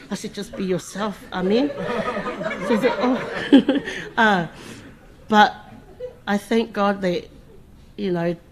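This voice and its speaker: Giving the eulogy at her brother's funeral, a middle-aged woman speaks in a lowish voice, emotional and informal, frequently restarting and laughing between tears. A little hiss or hum runs under the recording.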